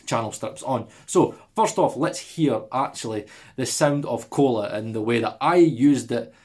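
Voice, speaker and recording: A man's voice: mid-range voice, a little slow, a little mellow, husky. A man hosting an audio production video in a casual, jokey, upbeat chat, repeating words for emphasis.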